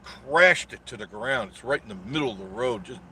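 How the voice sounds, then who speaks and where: A man's voice: medium pitch, expressive, brisk, pushed and bright, a little hiss or hum. Sarcastic rambling man on a live stream. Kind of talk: casual live stream chat.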